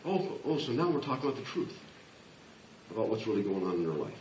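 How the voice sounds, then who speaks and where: A man giving a motivational business presentation to a live audience, talking in an animated way with frequent restarts and acted-out replies. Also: on the low side, quick pace, slight background noise. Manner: animated, repeats and restarts, acts out people's replies. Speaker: business coach speaker. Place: large room before a live audience. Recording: echoey room from far off.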